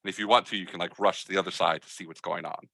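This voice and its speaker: A man narrating a tabletop game as game master, telling the scene in a loose, halting way with many fillers. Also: sits low, fairly even intonation, gravelly, sharp tone, no echo. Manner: hesitant, filler-heavy storytelling.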